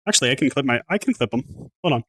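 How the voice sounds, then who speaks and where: A man's voice: medium pitch, animated, very fast, fairly bright tone, breathy edge. A man from Southern Pennsylvania chatting casually on a livestream at home. He restarts his sentences, swears casually and thanks his viewers.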